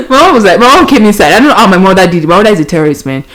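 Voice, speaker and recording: A woman's voice: mid-range voice, very animated, rapid-fire, few pauses, a bit bright. A young Nigerian woman hosting a podcast, telling a story casually and animatedly, laughing often and mixing in pidgin. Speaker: podcast host.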